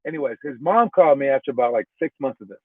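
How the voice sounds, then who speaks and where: Chatty basketball coach with a tinny sound. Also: male voice, mid-range voice, lively intonation, fast, dry recording. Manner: chatty, many fillers and restarts. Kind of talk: casual recap and storytelling.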